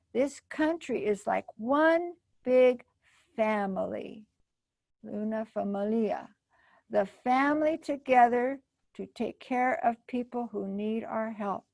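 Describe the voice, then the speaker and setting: A woman voicing a warm older great aunt, reading in an earnest, heartfelt way. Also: on the high side, creaky, dry recording.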